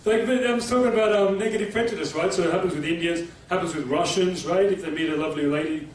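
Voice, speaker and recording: An Australian man performs stand-up on a club stage, his voice sitting high and moving quickly with few pauses. He's chatty and punchy, constantly checking in with the crowd. The recording is echoey, captured from far off in a room full of crowd noise.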